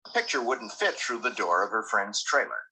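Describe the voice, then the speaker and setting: A man narrating a documentary in a measured, dry storytelling manner. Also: fairly low pitch, very animated, bright, forceful tone, slightly rough, poor audio. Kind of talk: scripted narration.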